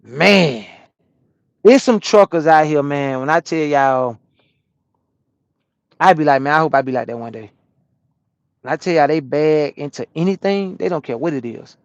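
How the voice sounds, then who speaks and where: A man from Atlanta, a truck driver chatting casually on a live stream and answering viewers' comments in a relaxed, repetitive way. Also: fairly high pitch, moderate pace, long pauses, no room sound, highs cut off. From Atlanta, USA.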